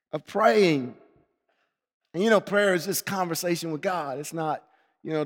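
A man preaching a sermon with passion, moving between raised, shouted stretches and quiet, reflective ones. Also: a little high. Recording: long hall reverb.

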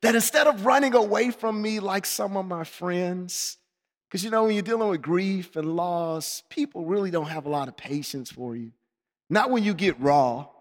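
A man delivers a sermon in a high voice, swinging from fervent shouting to soft, reflective passages. His words ring out with a long reverberation, as though in a large hall. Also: moderate pace. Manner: passionate, swings between shouting and quiet reflection. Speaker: preacher.

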